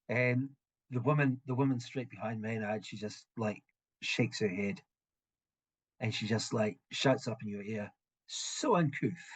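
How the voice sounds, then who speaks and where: Male game master, husky, stop-start narration of a tavern scene. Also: medium pitch. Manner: halting, full of ums and restarts.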